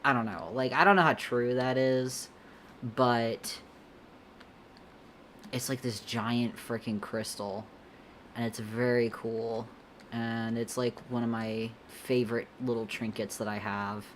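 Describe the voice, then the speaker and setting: Very low-voiced, laid-back young woman streamer. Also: steady tone, slow pace, slight background noise. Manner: laid-back, rambling, giggly, slangy. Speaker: artist streamer answering chat. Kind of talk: casual livestream chat while drawing.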